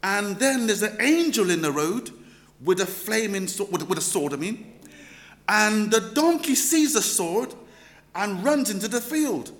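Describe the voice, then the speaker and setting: A man, a pastor, telling a story in a humorous, animated sermon. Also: high voice, measured pace.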